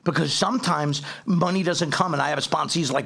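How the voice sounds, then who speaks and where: Animated man with a gravelly high voice. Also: fast. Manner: animated, acts out dialogue, emphatic. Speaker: company chief executive, podcast guest. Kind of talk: casual storytelling on a podcast.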